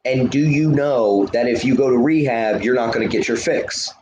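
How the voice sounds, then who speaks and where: A man talks straight to his live chat in a heated, profane rant, lecturing viewers as he smokes. His voice sits at an ordinary middle pitch. The room around him is echoey, with a faint ambient hum underneath. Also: normal speed, darkish tone, highs cut off. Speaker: livestreamer.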